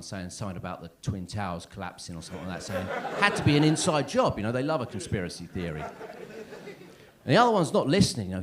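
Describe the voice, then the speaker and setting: Against a noisy background, a male stand-up comedian in his thirties works a comedy club stage with rambling, self-deprecating patter. His pitch swings all over, and he keeps tossing in "right?" and "yeah?".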